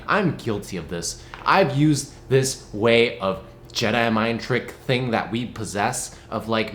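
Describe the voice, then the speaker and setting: A young man vlogging casually, playful and mock-dramatic, swinging between loud outbursts and low asides. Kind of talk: casual animated vlog rant. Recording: echoey room with faint noise.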